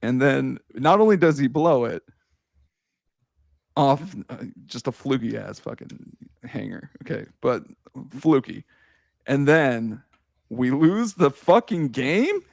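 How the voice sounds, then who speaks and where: A young man hosting a casual sports podcast, excitable and quick to swear and laugh. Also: mid-range voice, gravelly, dry recording, clean studio sound. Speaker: podcast host.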